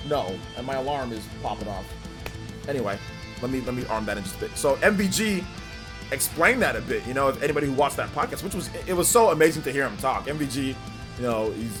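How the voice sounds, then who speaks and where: A man's voice: mid-range voice, pushed and bright. A man hosting a livestream, chatting casually and rambling through viewer comments with lots of filler words. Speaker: livestream host.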